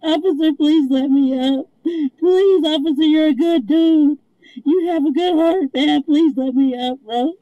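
A woman's voice: sits high, a little slow, dark tone, no echo, dull audio. A young woman in pain, crying and begging over and over from the back of a moving police car. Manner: begging, repeating herself. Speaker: detained woman.

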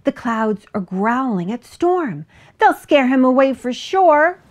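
A woman voicing an excitable, fussy male duck who quacks and sputters his words. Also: high-pitched, slow pace, slight background noise, full character voice. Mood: excited.

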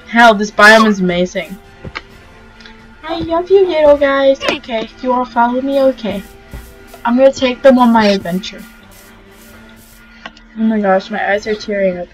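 A young woman hosting a casual let's-play, gushing and excitable as she talks to the animals in the game. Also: on the high side, poor audio. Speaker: gaming channel host. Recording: faint game music behind.

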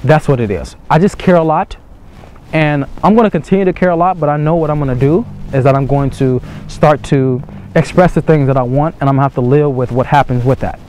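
A man's voice: a little high, brisk, a little mellow, a little hiss or hum. A young man coaching other men in an earnest, repetitive motivational monologue, swearing casually as he talks. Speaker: dating coach.

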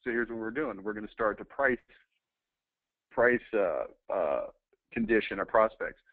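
A man's voice: on the low side, expressive, a little slow. A man giving casual commentary while reading aloud, talking in an offhand way with hesitant fillers. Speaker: presenter reviewing old ads. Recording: dry, tinny phone-like sound.

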